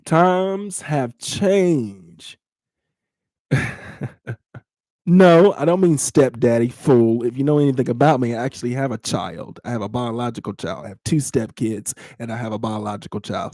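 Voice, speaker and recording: A man's voice: medium pitch, expressive, moderate pace, dark tone, no echo, studio quality. A man in his thirties hosting a casual podcast, talking bluntly to his live chat, teasing and laughing often. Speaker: podcast host.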